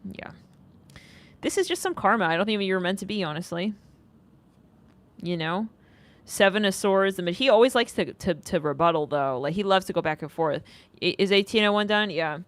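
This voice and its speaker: A woman's voice: mid-range voice, lively intonation, normal speed, long pauses. A woman doing a casual tarot reading, rambling and sassy, with swearing along the way. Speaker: tarot reader.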